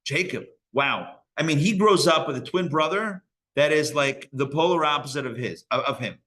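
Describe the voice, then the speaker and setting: A man's voice: on the high side, normal speed, sharp tone. A man teaching a live Torah class as a rabbi, casual and joking with frequent digressions. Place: synagogue learning center.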